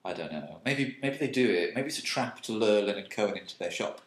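A man's voice: fairly low pitch, animated, a little fast. A man chatting casually on a podcast, teasing and playfully ranting. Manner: jokey, teasing, mock-outraged rants. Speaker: podcast co-host. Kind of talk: casual chat. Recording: roomy echoey sound.

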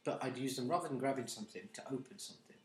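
A man's voice: mid-range voice, expressive, racing, reverberant. A young man co-hosting a podcast, telling stories hesitantly with stammering restarts in casual chat. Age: young adult. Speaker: podcast co-host.

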